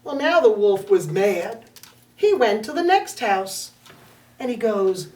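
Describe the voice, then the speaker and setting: A woman telling a fairy tale to children in an animated, expressive way, recorded in a roomy space from a distant mic. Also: medium pitch, slow pace. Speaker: storyteller. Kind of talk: children's storytelling.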